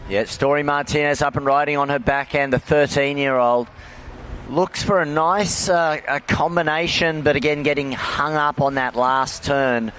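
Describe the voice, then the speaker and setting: A man's voice: on the high side, fairly even intonation, normal speed, a bit bright, slight background noise. A man doing live play-by-play for a surf contest, describing riders and scores. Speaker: surf commentator. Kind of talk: live sports commentary.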